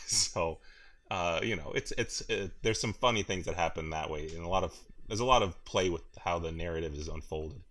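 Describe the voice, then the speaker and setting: A man's voice: deep voice, moderate pace, a bit bright. A man hosting a casual gaming podcast, rambling through his thoughts with frequent laughs and restarts. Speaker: podcast host.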